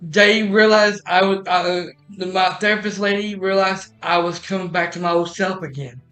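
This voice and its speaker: A man's voice: high-pitched, fairly even intonation, normal speed, pushed and bright, faint music behind. A man telling a personal story in a casual, rambling way, often restarting and repeating "I said.".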